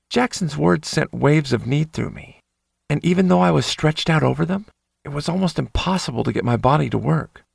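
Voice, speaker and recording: A man's voice: a little high, animated, normal speed, gravelly, husky, dry recording, clean studio sound. A man narrating a first-person romance audiobook in an intimate inner-monologue manner.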